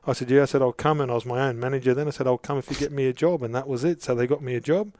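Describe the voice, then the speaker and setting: A man's voice: medium pitch, fairly even intonation, racing, a little mellow, no room sound. Rambling Australian man telling footy stories. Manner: rambling anecdotes with many restarts. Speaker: interview guest. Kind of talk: casual storytelling.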